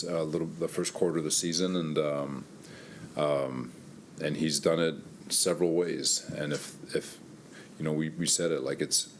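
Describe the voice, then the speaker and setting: A man's voice: very deep voice, a little hiss or hum. A man, a head coach, answering reporters' questions in a candid, conversational way, thinking aloud and a little winded. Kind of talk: press conference answers. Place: press room.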